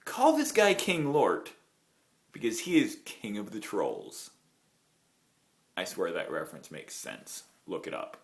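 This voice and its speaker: Man, storytime vlogger, digressive, lively pitch, roomy echo. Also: takes it slowly, long pauses. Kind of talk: storytime vlog.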